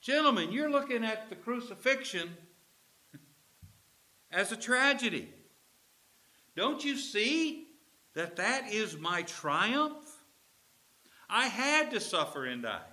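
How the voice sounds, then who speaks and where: A man's voice: sits high, very animated, slow pace, long pauses, pushed and bright, pitched above the performer's own voice, exaggerated voice. A man voicing Jesus as an earnest, emphatic teacher who coaxes and urges his followers. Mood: urging. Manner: urgent, emphatic, coaxing.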